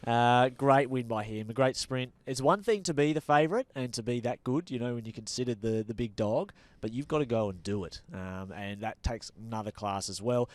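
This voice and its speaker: An Australian man co-hosting a cycling show, talking in an energetic, chatty way with lots of fillers. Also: mid-range voice, fairly quick, few pauses, no room sound. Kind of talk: casual sports chat.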